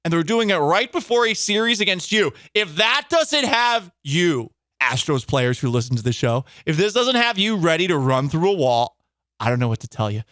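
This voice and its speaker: A man hosting a sports talk show, bantering in an animated, sarcastic and emphatic way into a studio microphone. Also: fairly high pitch, normal speed, dry recording.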